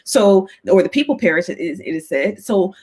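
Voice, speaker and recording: A woman hosts a relaxed conversation, thinking aloud and circling back with fillers as she goes. Her pitch sits in an ordinary middle range. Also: a little fast, breathy edge. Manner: thoughtful, with many fillers. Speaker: host. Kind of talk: casual interview chat.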